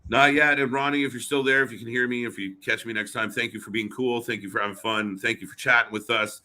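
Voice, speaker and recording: A man co-hosting a live wrestling watch party stream, chatting casually with fillers and quick reactions. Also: medium pitch, fairly even intonation, pushed and bright.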